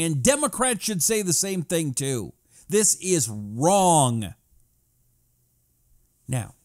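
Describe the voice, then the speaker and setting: A middle-aged man hosting a talk radio show, reading listener messages and giving emphatic, repetitive commentary. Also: a little high. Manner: emphatic, repetitive, sometimes drawn out.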